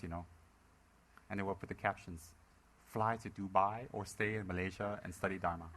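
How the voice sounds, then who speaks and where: A man's voice: medium pitch, bright, forceful tone. Man teasing his students in a Dharma talk. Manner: teasing, playful, jokes about his students. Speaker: Buddhist teacher. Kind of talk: joking Dharma talk to a live audience.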